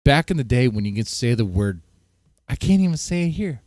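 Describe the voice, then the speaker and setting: A male livestream host chatting with viewers in a loud, profane, heated way. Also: mid-range voice, big pitch swings, a little fast, no room sound, clean studio sound. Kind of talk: casual livestream chat with viewers.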